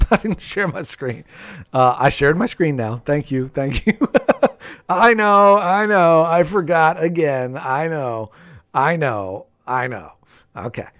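A man in his thirties streams a game live from a room at home, chatting playfully into a desk microphone, laughing and often repeating himself. His voice is a little high and fairly bright, and he takes things slowly.

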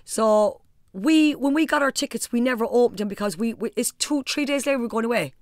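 Irish mother telling a lively anecdote. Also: on the high side, brisk, dry recording, studio quality. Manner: animated anecdote-telling with blunt, salty asides. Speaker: guest, the host's mother. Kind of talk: casual storytelling on a podcast.

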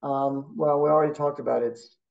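A man's voice: a little high, steady tone, brisk, gravelly, highs cut off. A man, a therapist guest, talking bluntly and telling stories in a casual interview. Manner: blunt, storytelling, competitive.

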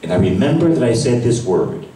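A man, a priest, giving an emotional sermon that drops to a hush and rises to cries. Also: mid-range voice, big pitch swings, brisk. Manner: emotional testimony, voice swinging from hushed to cries. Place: large church at a retreat Mass. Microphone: far camera recording. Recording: echoey church from far off.

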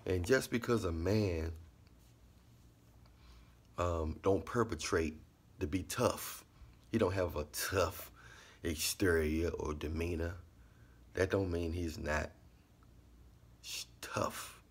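Man, low husky voice, relaxed repetitive monologue. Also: slow pace, long pauses. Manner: laid-back, repetitive, drops into quiet asides. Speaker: vlogger giving life commentary. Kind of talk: casual monologue.

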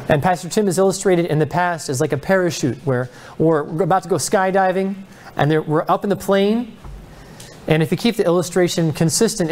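A man's voice: fairly high pitch, darkish tone. A male pastor teaching a Bible study in an earnest, conversational preaching style, acting out the people he describes. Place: church.

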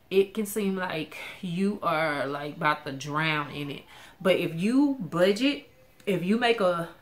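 A woman, chatting candidly to her viewers about her budget. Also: on the low side. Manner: chatty, candid, with frequent restarts. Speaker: vlogger sharing her budget. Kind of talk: casual chat to camera.

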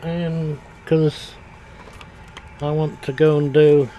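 A man's voice: a little high, level tone, slow, warm tone, a little hiss or hum. An older man, chatting casually and telling rambling stories while he streams a farming game.

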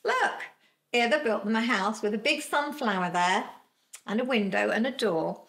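A woman's voice: mid-range voice, normal speed, fairly bright tone. Gushing woman reviewing clothes. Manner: gushing, playful, talks straight to viewers. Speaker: fashion vlogger. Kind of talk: chatty clothing try-on review. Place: outdoors in a garden with a picnic.

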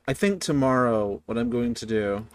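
A man's voice: mid-range voice, expressive, a little slow, smooth, no room sound. A man giving casual gameplay commentary, profane and easily exasperated, grumbling at the game as he plays. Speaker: gaming YouTuber.

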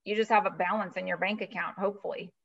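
A woman's voice: medium pitch, fast, vocal fry, husky. Talkative woman guest, storytelling, slightly dull lo-fi audio. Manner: chatty, animated storyteller, many "you know" fillers. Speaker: guest, virtual CFO. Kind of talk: casual storytelling interview.

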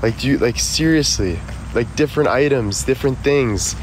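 A man live streaming as he walks outside, chatting with viewers in an excitable, profane way. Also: medium pitch, brisk. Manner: profane, excitable, talks to chat. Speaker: livestreamer. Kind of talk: casual live stream chat. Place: outdoors near a road. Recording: outdoor street noise.

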